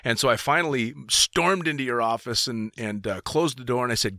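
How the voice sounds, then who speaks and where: A man's voice: mid-range voice, lively intonation, brisk, hardly any pauses, sharp tone, no room sound, studio quality. A middle-aged man hosting a podcast, telling stories casually with profanity and lots of filler words. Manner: profane, rambling with many fillers. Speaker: podcast host. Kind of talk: casual storytelling chat.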